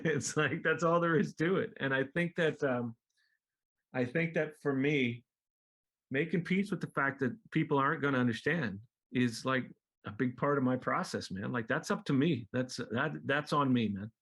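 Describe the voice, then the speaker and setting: A man talking as a guest in a casual interview, laid-back and profane, acting out other people's lines in a high voice and laughing often. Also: normal speed. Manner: animated storyteller, acts out quotes in high voices. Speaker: guest musician.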